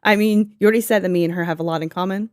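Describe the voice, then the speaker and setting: A woman's voice: mid-range voice, steady tone, racing, darkish tone, clean tone, dry recording, clean studio sound. A woman co-hosting a casual podcast, joking, giggling and swearing as she reacts to the story. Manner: giggly, profane, playful interjections. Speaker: podcast co-host.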